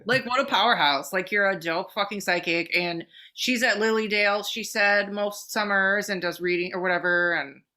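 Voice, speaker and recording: Woman podcast host, bright voice, swears a lot, rambly excited chat. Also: medium pitch. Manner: swears freely, fast excited storytelling with many fillers. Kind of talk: casual chat.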